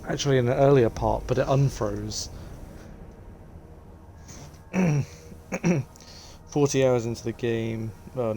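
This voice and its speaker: A man's voice: medium pitch, gravelly, a little mellow. A man commentating his own game walkthrough in a mid-range voice. He talks casually and turns exasperated, repeating words over and over. Faint game music plays underneath. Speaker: gaming channel host.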